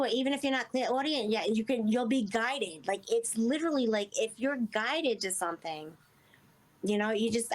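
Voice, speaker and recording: A woman guest in a relaxed interview, speaking at a middling pitch. She talks earnestly and rambles, stringing thoughts together with frequent fillers. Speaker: guest medium. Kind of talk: casual interview chat.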